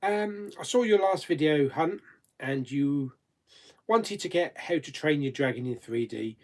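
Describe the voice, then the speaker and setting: A man with a fairly high voice and lively intonation speaks a little slowly as he hosts a live chat stream. He casually reads viewer questions and comments aloud and answers them, laughing often.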